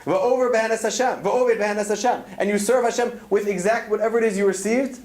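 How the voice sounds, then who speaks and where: A man's voice: high-pitched, a little fast, darkish tone, echoey room. A man telling stories with earnest conviction in a Torah talk to students, weaving in Hebrew terms. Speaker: speaker at a student event. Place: event hall.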